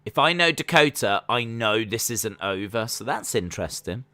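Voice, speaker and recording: A man hosting a casual live watch-along stream, calling the action and answering chat questions, sometimes jumping into high-pitched disbelief. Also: moderate pace, no room sound. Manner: breaks into high-pitched disbelief when excited. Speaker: live stream reaction host.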